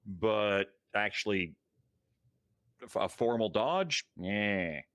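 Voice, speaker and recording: Bright low-voiced man at a tabletop game. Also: lively intonation, slow. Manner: practical, explaining rules. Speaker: player. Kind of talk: casual tabletop game chat.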